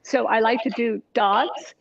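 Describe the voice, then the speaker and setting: A woman voice coach in a livestream chat, demonstrating vocal exercises with loud whoops and barks. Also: a little high, fairly even intonation, a little slow, gravelly. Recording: dull lo-fi livestream audio.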